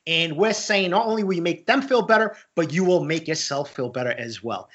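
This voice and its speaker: A man's voice: fairly high pitch, a little fast, fairly bright tone, breathy edge. A man co-hosting a podcast in casual chat, joking, swearing and rambling. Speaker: podcast co-host. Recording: dull lo-fi sound.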